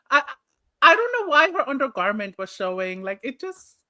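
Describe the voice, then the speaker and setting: A woman co-hosting a chatty podcast, her high voice swinging up and down as she talks. She is blunt and opinionated, swears freely and laughs a lot. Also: big pitch swings, moderate pace, sharp tone. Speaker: podcast co-host. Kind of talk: casual podcast chat.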